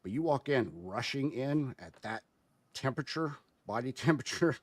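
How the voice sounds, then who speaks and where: A man giving casual spoken commentary as a guest, halting and explanatory, with many fillers and restarts. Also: mid-range voice, expressive, no echo.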